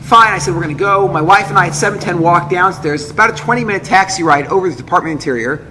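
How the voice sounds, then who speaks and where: A man, a rabbi, telling a dramatic personal story with vivid acted dialogue and quick asides. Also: high voice. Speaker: rabbi, speaker. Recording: echoey hall with faint noise.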